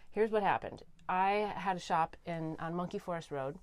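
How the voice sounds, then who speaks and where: Eager low-voiced woman talk host. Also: moderate pace, dry recording. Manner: enthusiastic, drops to a soft hush for heartfelt points. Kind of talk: animated interview storytelling. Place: recording studio.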